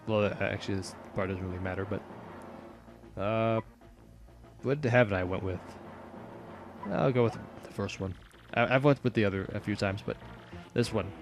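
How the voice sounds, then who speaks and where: A man's voice: on the low side, moderate pace, long pauses, soft background music. A man giving casual, rambling commentary on a video game playthrough. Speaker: gameplay commentator. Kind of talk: let's play commentary.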